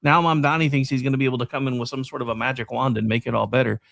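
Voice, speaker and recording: A man joins a political talk show as a panelist, talking fast with a gravelly edge. He is folksy and joking, and his voice sounds dry and close. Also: mid-range voice, steady tone, a bit bright, dry recording.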